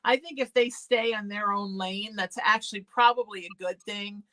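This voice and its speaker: A woman's voice: medium pitch, steady tone, normal speed. A woman hosting a psychic call-in show, soothing callers and calling them sweetie. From Irish heritage. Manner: warm, soothing, calls people sweetie. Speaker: psychic medium show host. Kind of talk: call-in spiritual talk show.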